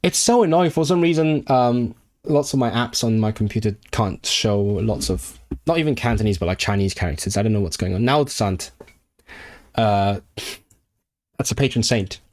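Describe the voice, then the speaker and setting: A man's voice: on the low side, moderate pace, a little mellow. A man from Hong Kong chatting casually on a live stream while he works through language flashcards, thinking aloud with lots of fillers and restarts. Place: indoors at his computer.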